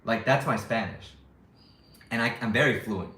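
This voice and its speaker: A man's voice: medium pitch, bright, forceful tone. Give me a chatty man streaming in a roomy space. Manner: clearly enunciated, chatty, with bursts of fast talk. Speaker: streamer and English teacher. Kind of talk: casual livestream chat.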